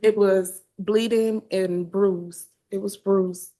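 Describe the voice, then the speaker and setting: A woman's voice: mid-range voice, steady tone, takes it slowly, mellow. A woman testifying as a witness in court, giving brief, hesitant answers. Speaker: trial witness.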